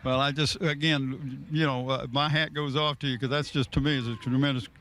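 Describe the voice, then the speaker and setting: A man commentating a local high school football game in a chatty, folksy way, joking with his partner. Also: steady tone, fairly quick, fairly bright tone, a little hiss or hum. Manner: chatty, folksy, laughs easily. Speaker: sports commentator. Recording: local cable broadcast.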